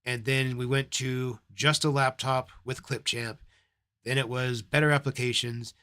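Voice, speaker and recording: A man's voice: medium pitch, flat delivery, measured pace, sharp tone. A man hosting a live stream, ranting bluntly and with profanity, then reading out thanks to supporters. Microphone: desk microphone.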